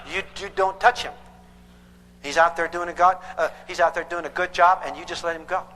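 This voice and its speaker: Male parenting counselor, lecture style, bright and high, emphatic, echoey hall. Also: steady tone, fairly quick, a little hiss or hum. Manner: emphatic, quizzes the audience with repeated questions. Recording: echoey hall with long reverb.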